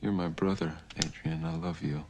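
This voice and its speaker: An actor playing a volatile, clingy young man who swings between soft pleading and sudden outbursts in a film drama. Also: extremely low pitch, steady tone, normal speed, background noise.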